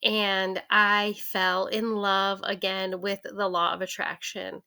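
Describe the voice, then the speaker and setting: A woman in her forties telling her personal money story to camera in a candid, lively way, acting out the voices of her family. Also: mid-range voice, takes it slowly, creaky, smooth. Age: 40s. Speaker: vlogger.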